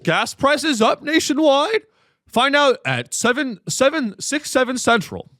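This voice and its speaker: A man's voice: very high-pitched, big pitch swings, a little slow, pushed and bright, no room sound, clean studio sound, pitched above the performer's own voice, exaggerated voice. A man putting on the voice of a stiff male TV news anchor, with a clipped, sing-song broadcast cadence. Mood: mock-formal.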